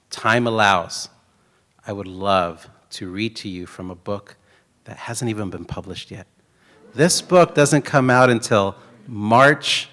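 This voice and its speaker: A man's voice: fairly low pitch, fairly bright tone, in a large hall. A middle-aged man giving a conference keynote talk, a joking, rambling storyteller. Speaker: keynote speaker.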